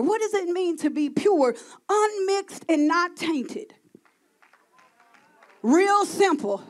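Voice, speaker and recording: A woman preaching a sermon to a congregation, calling out to the crowd and building to shouts. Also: extremely high pitch, expressive, takes it slowly, pauses often. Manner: call-and-response preaching, rising to shouting.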